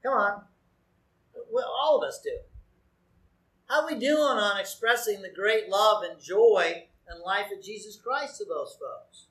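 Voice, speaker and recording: Male pastor, animated sermon, echoey sanctuary sound. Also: high-pitched, unhurried. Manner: animated preaching with rhetorical questions to the congregation. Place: church sanctuary. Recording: echoey church room.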